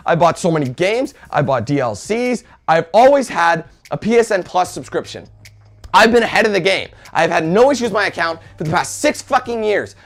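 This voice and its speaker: Furious high-voiced young man ranting. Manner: heated and profane, with loud outbursts. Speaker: gaming video creator. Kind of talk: angry rant to camera.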